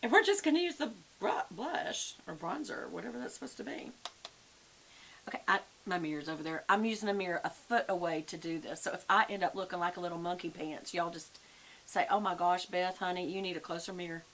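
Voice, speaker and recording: A woman's voice: on the low side, expressive, a little fast, creaky, a bit bright, poor audio. An older woman with a Southern US accent, chatting folksy and friendly through a makeup tutorial. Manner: chatty, folksy, addresses viewers as y'all. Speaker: beauty vlogger. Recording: faint background hiss.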